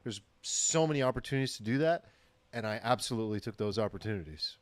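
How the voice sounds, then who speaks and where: Man, lowish voice, measured opinionated podcast talk, dry sound. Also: expressive, no room sound. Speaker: podcast co-host. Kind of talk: casual chat.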